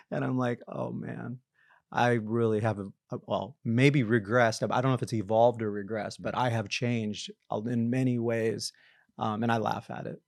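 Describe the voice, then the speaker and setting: A man's voice: mid-range voice, fairly even intonation, unhurried, vocal fry, a little mellow, dry recording, clean studio sound. A middle-aged man, a company founder guesting on a podcast, telling self-deprecating stories in casual conversation and acting out what people think. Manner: storytelling, acts out quoted thoughts in other voices; self-deprecating, frequent restarts and laughs.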